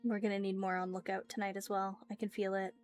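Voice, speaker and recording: A woman's voice: medium pitch, flat delivery, quick pace, a little mellow, soft background music. A woman playing in a tabletop role-playing game, thoughtful and questioning as she plans. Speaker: player. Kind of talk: casual tabletop play.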